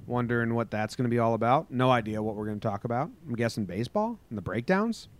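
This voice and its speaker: A man's voice: mid-range voice, animated, quick pace. Joking man hosting a podcast. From New Jersey. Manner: loose, joking, reads headlines with sarcastic asides. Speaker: podcast host. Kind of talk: casual sports and news chat.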